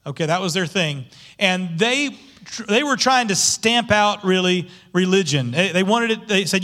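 A middle-aged man preaching from the pulpit in a bright, high voice. He is animated and keeps asking his congregation rhetorical questions. His tone is forceful and lively. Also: moderate pace. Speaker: pastor. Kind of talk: sermon.

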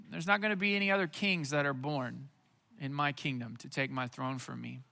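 Bright-voiced man preaching a sermon. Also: a little high, fairly even intonation, normal speed, gravelly. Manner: earnest preaching, repeats phrases for emphasis. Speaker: pastor. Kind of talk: Christmas Eve sermon.

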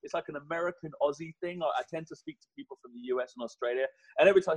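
A man's voice: fairly high pitch, very fast, few pauses, husky, dull audio. A man, a personal trainer in his thirties, chatting animatedly as a podcast guest. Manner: animated, chatty, swears mildly. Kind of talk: podcast conversation.

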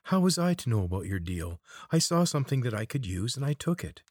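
A man's voice: medium pitch, sing-song, brisk, dry recording, clean studio sound, voice pushed up. A man voicing a bossy young woman scout who speaks in an urgent, hissing way. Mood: urgent, sly.

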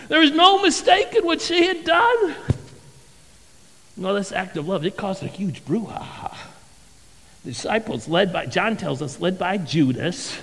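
A male pastor preaching a sermon with animated, dramatic storytelling in a church sanctuary. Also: very high voice, long reverb tail, low-quality recording.

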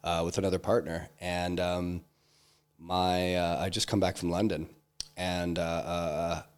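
A man being interviewed, telling a personal story in a halting way, full of restarts and fillers. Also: low-pitched, level tone, smooth. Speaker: interview guest, entrepreneur.

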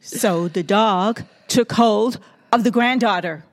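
A woman's voice: mid-range voice, takes it slowly. A woman co-hosting a children's podcast, telling a story in turns with playful chiming in. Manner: playful, chiming in, sing-song. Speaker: podcast co-host.

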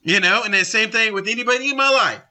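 A middle-aged man leading a Bible study, blunt and confrontational, with quick asides to his group. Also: sits high, pushed and bright. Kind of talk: forceful Bible study teaching.

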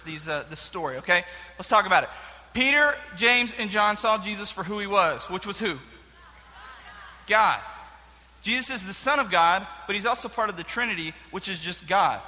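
A young man leads a casual Bible lesson for a group, chatty and animated, with plenty of jokes. His voice sits high and very bright. A long hall reverb follows his words. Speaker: youth pastor.

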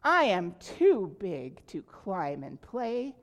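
A woman's voice: medium pitch, sing-song, takes it slowly. A woman reading aloud and voicing a boy in a storybook who keeps asking for things, plain and matter-of-fact. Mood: wanting. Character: boy growing from child to tired old man.

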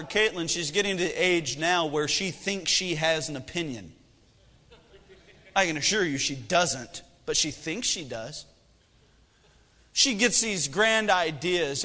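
High, bright-voiced preacher in a hall. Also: male voice. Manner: conversational preaching with humor and rhetorical questions. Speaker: pastor. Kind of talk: sermon.

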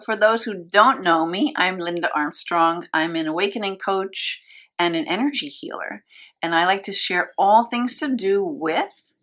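A woman's voice: fairly low pitch, measured pace, a bit bright. A woman hosting her own podcast as a life coach, talking alone in an earnest, encouraging way and often checking in with the listener. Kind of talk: solo motivational podcast talk.

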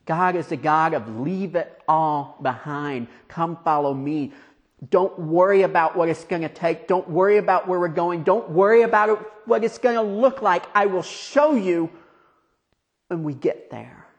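A man preaching a conversational, storytelling sermon, asking his listeners questions and dropping quiet for emphasis. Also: a little high, a little slow.

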